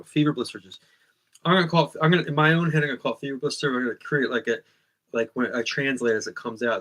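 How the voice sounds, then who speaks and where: A man hosts his own comedy show in a mid-range voice that sounds pushed and bright. His monologue rambles, corrects itself, and keeps wandering off on tangents.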